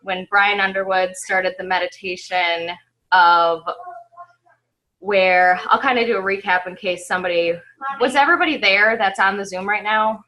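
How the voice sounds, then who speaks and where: A woman speaks over a video call from her home, her voice bright and forward. She talks in a heartfelt, halting way, pausing to collect herself and apologize. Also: mid-range voice, low-quality recording. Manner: emotional, halting, tearful at times, apologizes often. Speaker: event attendee sharing a recap. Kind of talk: casual video call recap.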